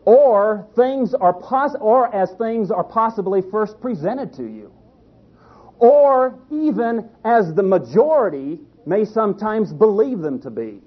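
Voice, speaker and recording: Husky-voiced folksy preacher. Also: male voice, high voice, sing-song. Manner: folksy, halting with restarts. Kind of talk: storytelling sermon. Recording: dull lo-fi recording.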